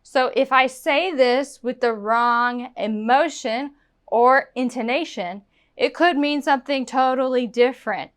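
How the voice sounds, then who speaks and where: A woman with a fairly high voice teaches pronunciation at an unhurried pace. She repeats each example phrase to model it and keeps a playful, chatty tone with her learner. Her delivery is clear and deliberate. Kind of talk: spoken English lesson.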